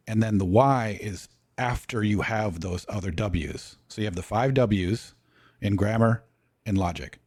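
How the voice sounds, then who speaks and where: Man, low voice, dry close sound, casual explainer, lays out points in order. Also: unhurried, a little mellow, slightly rough, no room sound. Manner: lecturing, walks through points in order.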